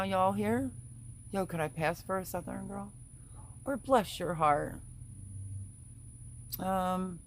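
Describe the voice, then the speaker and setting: Middle-aged woman, livestream host, chatty, giggly, reading chat aloud. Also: on the low side. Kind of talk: casual live chat.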